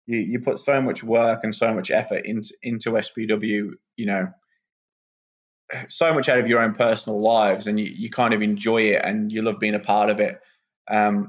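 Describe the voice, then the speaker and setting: A wrestler, relaxed and rambling with lots of ums, chatting as a guest on a podcast. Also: male voice, fairly low pitch. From England. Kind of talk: casual podcast interview. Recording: muffled lo-fi sound.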